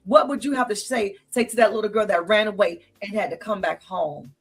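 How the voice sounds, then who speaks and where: Woman host, exclamatory and emotional, husky tone, faint music behind. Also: medium pitch, brisk. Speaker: talk show host. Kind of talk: casual talk show hosting.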